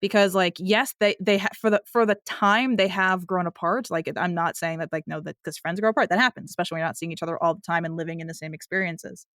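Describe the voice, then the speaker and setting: A woman co-hosting a podcast in casual chat, talking over film lines and now and then quoting them in a higher voice. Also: quick pace, few pauses, fairly bright tone, no echo, clean studio sound. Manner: chatty, quotes film lines in bursts of higher pitch. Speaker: podcast co-host.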